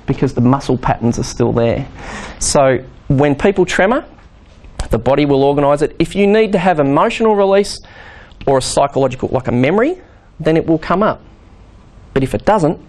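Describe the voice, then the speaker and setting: A man talks quickly to a workshop group in a fairly high voice. He explains things in a lively way, often acting out what people say. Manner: fast, animated, acts out quoted voices. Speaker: physiotherapist workshop leader. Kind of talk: workshop instruction.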